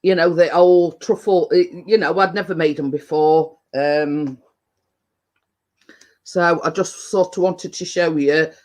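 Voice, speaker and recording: A British man chatting casually to viewers on a live stream, his voice pitched high for a man. He talks slowly and rambles, with many fillers, restarts and trailing thoughts, sometimes while chewing. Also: steady tone. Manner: chatty, eats while talking. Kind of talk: casual chat.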